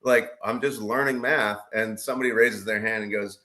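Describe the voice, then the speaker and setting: A man's voice: lowish voice, fairly even intonation, moderate pace, bright, forceful tone, slight background noise. A man co-hosting a podcast, chatting casually and rambling through examples with acted-out quotes. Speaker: podcast co-host. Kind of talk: casual chat.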